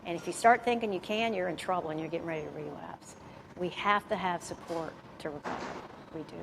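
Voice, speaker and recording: A woman's voice: on the low side, brisk, creaky, a little hiss or hum, low-quality recording. A woman giving a candid, plain-spoken personal recovery testimony to a live audience at a jail. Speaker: recovery speaker.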